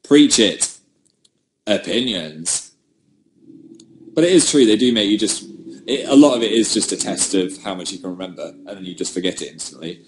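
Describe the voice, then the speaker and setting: A man's voice: fairly low pitch, expressive, moderate pace, long pauses, slight background noise. Chatty man livestreaming from home. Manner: chatty, rambling, self-deprecating. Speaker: livestream host. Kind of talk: casual livestream chat answering viewer comments.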